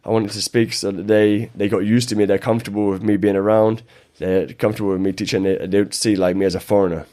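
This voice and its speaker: A man's voice: lowish voice, flat delivery, quick pace, warm tone. A British man in casual podcast conversation, rambling with many restarts and fillers. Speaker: guest, jiu-jitsu coach.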